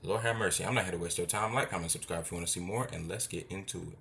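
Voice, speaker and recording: A man introducing his talk show episode in a quick, upbeat way. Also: low voice, vocal fry, noisy background. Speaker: host.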